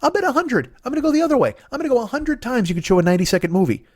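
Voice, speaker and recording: Middle-aged comedian guy ranting alone at home, super fast, swearing a lot, going in circles. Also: extremely high pitch, very animated, no room sound, clean studio sound. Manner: profane, rambling, argumentative. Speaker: comedian and podcast host. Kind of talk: solo comedic rant.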